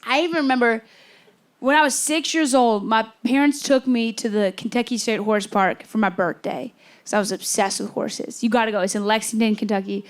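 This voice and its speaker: A woman doing a stand-up set on a theater stage, telling deadpan stories and acting out the people in them, with laughter answering her lines. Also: a little high, brisk. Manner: deadpan storytelling with quoted voices. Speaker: stand-up comedian.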